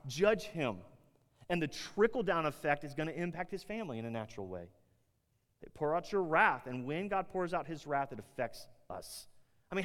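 A man preaching a sermon in a conversational way, climbing loud to stress points and dropping low and quiet to press them home. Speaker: pastor. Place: large room with an audience. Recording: long hall reverb.

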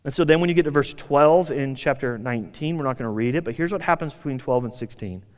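A man's voice: mid-range voice, quick pace, long reverb tail. An American man preaching a sermon, casual and emphatic, sometimes acting out the people in his story. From United States. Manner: conversational, emphatic, acts out quoted speakers. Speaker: pastor.

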